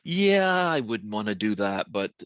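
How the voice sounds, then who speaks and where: A man hosting a casual interview, talking hesitantly with many pauses and fillers. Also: fairly low pitch, big pitch swings, fairly bright tone, no room sound. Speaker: host. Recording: dry, dull lo-fi audio.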